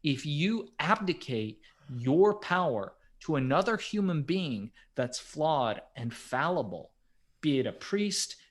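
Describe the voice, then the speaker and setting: A man on a podcast telling a story in a casual, animated way. His voice rises and falls a lot, and he leans on fillers as he goes. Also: fairly high pitch, slow. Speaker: podcast co-host.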